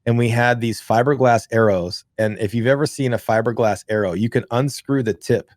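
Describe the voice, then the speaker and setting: A man co-hosting a podcast, telling a childhood story in a rambling, profane, animated way. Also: mid-range voice, brisk, no echo, studio quality. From rural. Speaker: podcast co-host. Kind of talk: casual storytelling chat.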